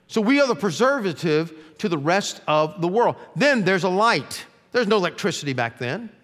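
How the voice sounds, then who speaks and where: Preaching man in a reverberant sanctuary. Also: fairly high pitch. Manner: preaching with emphatic rises and dropped, quiet phrase endings. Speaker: pastor. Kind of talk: sermon. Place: church sanctuary. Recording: long reverb of a church sanctuary.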